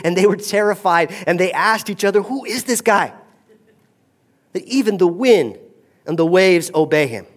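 A male pastor preaching a sermon, swinging between hushed, drawn-out phrases and loud, rising emphasis. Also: a little high.

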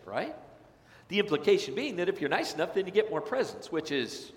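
A man's voice: fairly high pitch, a little hiss or hum. Man, pastor, sermon, dramatic delivery, acts out voices, roomy long reverb. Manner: dramatic, acts out quoted voices, swings loud and soft. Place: church sanctuary. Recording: echoey hall with long reverb.

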